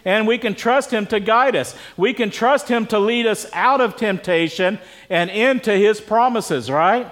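High-voiced man preaching casually. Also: a little slow, fairly bright tone. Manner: casual, quizzes the congregation with questions. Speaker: pastor. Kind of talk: conversational sermon. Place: church service with congregation.

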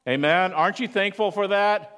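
A man's voice: sits high, moderate pace, fairly bright tone, clear, resonant tone. A man preaching a sermon at church, talking conversationally and asking the congregation questions. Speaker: pastor.

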